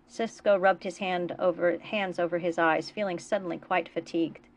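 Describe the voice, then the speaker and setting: Author-narrator, woman, steady storybook reading, low register. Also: normal speed, few pauses, a little hiss or hum. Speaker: author reading her fiction. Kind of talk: reading a novella aloud.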